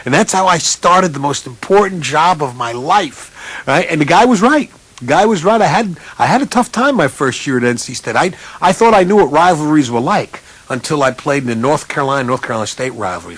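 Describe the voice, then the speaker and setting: A man with a husky, slightly breathy voice tells a funny story from his coaching days. His pitch sits in the middle of the male range, then leaps high whenever he imitates someone else. The delivery is animated and self-mocking. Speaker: college basketball coach. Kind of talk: humorous storytelling speech.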